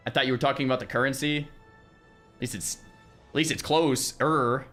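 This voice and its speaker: A young man streaming, chatting casually with his viewers in an animated way, with lots of restarts and loud exclamations. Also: medium pitch, fairly quick, faint music behind. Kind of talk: casual livestream chat with viewers.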